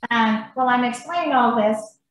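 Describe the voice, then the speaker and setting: A woman on a podcast telling a story in an animated, blunt manner and swearing freely. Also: on the high side, normal speed. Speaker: podcast guest. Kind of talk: casual storytelling. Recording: very echoey room, faint noise.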